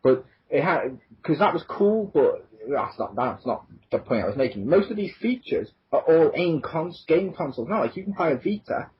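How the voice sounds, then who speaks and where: A husky man with a lively, swinging pitch chats and jokes as a podcast co-host. His voice sits a little high for a man, and the recording is dull and lo-fi. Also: normal speed. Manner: joking, does mock voices. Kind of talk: casual podcast chat.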